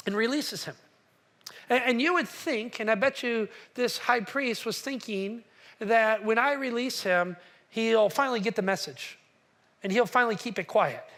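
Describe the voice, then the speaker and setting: Animated high-voiced male pastor preaching. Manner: animated storytelling, acting out quotes, asks the congregation. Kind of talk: sermon.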